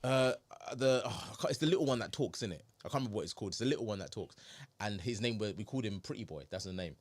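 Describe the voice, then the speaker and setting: A man's voice: fairly low pitch, rapid-fire. A man, co-hosting a podcast in casual joking chat, swearing freely. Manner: joking, swears, animated bursts of laughter. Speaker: podcast co-host.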